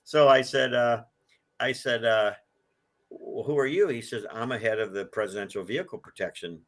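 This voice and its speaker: A man's voice: lowish voice, fairly even intonation, fairly quick. An older man telling rambling stories in a casual interview, acting out what other people said. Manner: rambling anecdotal storytelling, acts out quoted voices. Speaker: guest, collector of a presidential car.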